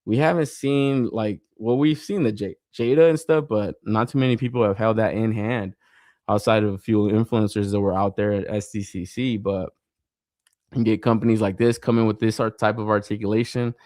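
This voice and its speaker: This host's voice sits on the low side, a little mellow, with fairly even intonation at normal speed. Reading live comments on his podcast, he rambles, curses freely, uses plenty of fillers and keeps laughing, all captured in studio quality with no room sound.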